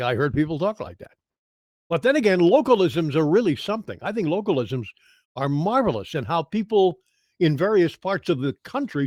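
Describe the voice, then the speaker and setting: Older man, talk radio host, fairly high voice, rambling chat, asks himself questions. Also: no echo. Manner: rambling, chatty, asks and answers his own questions.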